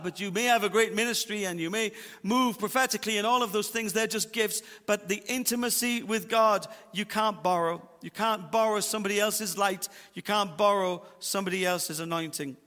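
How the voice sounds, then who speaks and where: A man preaching a sermon as pastor, emphatic, slowing down to stress his points. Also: high voice, pushed and bright, in a large hall. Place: church auditorium.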